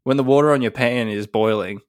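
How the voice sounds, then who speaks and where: A young Australian man co-hosting a podcast, laid-back with deadpan jokes. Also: mid-range voice, a little fast, slight background noise. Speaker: podcast co-host. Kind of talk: casual chat.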